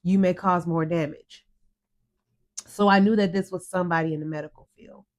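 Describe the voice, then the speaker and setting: Low-voiced woman retelling an ordeal. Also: fairly even intonation, normal speed. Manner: earnest, tearful retelling, quotes herself. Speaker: podcast co-host. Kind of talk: emotional storytelling.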